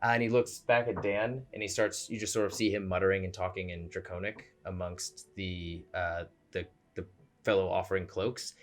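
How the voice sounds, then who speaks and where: A man's voice: sits low, little pitch movement, moderate pace. A young man narrating a tabletop game as game master, rambling with many fillers, on a home mic over a voice call.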